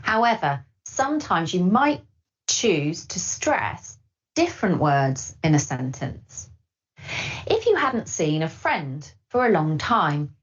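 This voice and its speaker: A woman teaching English pronunciation in scripted narration, speaking slowly and clearly and modelling phrases for learners. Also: mid-range voice. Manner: slow, clear, lively intonation with model phrases. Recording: slightly dull lo-fi audio.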